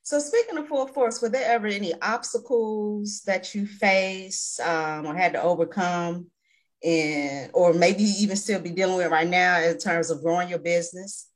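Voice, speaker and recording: Female interviewer, slightly low pitch, asks long winding questions. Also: normal speed.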